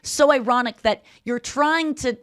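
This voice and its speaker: A woman's voice: high-pitched, unhurried. A woman hosting a podcast in casual chat, telling stories animatedly and acting out quoted lines. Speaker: podcast host.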